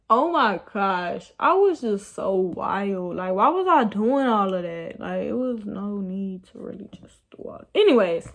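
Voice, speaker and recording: A young woman, casually telling a rambling, animated story about her night out. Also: medium pitch, takes it slowly. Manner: animated, rambling, laughs at herself. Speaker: vlogger.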